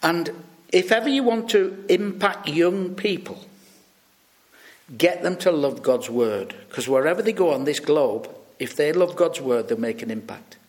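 With a slightly high voice and no rush, a British preacher delivers his sermon through lively storytelling. He performs the voices of those he quotes.

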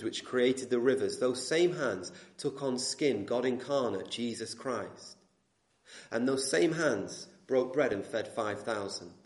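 A man preaching a sermon, moving between loud, emphatic lines and hushed, intense ones. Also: medium pitch. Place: church. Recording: echoey church room.

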